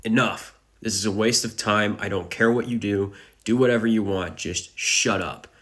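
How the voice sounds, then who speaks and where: A man's voice: sits low, normal speed, a bit bright. A man voicing a callous, impatient male ship captain in a manga recap. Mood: fed up.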